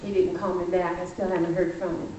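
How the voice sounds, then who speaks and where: A woman giving a lively, emphatic sermon testimony, telling a personal story in a church. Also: on the low side, quick pace, heavy background noise. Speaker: speaker. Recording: far-off echoey church hall, muffled.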